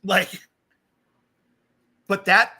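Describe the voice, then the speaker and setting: A man hosting a casual live stream, telling stories with lively acted-out quotes. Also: high voice, drawn-out words. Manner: animated storytelling, acts out quoted voices. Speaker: streamer host.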